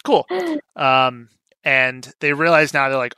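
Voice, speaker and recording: A young man with a bright, forward voice chats casually as a podcast co-host, walking through a movie's plot. He tosses in dry, sarcastic asides and keeps filling gaps with "um" and "like". His voice sits close and dry, with no room around it. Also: mid-range voice, slow pace, clear, resonant tone, no room sound. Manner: wry, sarcastic asides with frequent fillers. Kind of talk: casual movie recap chat.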